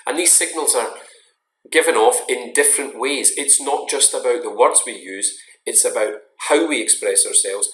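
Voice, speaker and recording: A man giving a recorded online lecture in a measured, explanatory way, stressing key words. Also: medium pitch, a bit bright. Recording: roomy echo.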